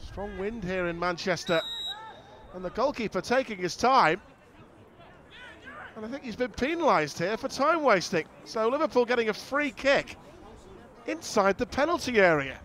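High-voiced excitable football commentator. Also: male voice, moderate pace, pauses often, some chatter behind. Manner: rises sharply and loud when goals go in. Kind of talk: match highlights commentary. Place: outdoors at a windy football ground.

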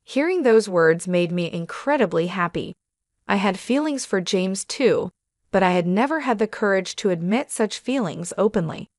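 A woman reading a first-person story aloud as scripted narration, in a steady, measured way. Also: medium pitch, dry recording, clean studio sound.

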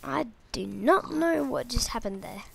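A goofy, excitable woman narrates her game as she plays, chattering to herself and her viewers. Her voice sits high and swings widely, with a bright, gravelly edge, and she takes her time. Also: a little slow. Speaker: gamer. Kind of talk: let's play commentary.

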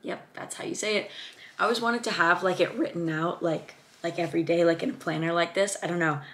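Young adult woman vlogger, low-ish voice, bubbly excited casual chatter full of gasps. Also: brisk. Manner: excited, gushing, lots of gasps and fillers. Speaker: student vlogger. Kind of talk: casual chat.

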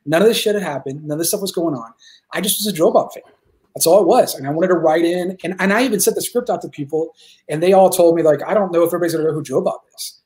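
A man talking as a guest filmmaker in a casual interview, excited and rambling, swearing freely as he tells stories. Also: fairly high pitch, quick pace.

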